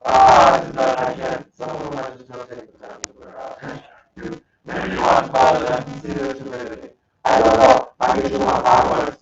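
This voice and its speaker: A man's voice: medium pitch, level tone, normal speed, creaky. A man hosting a casual live stream, joking around and reading silly tweets aloud while apologizing for his bad audio. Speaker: host. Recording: roomy, muffled, distant home-stream mic with faint background noise.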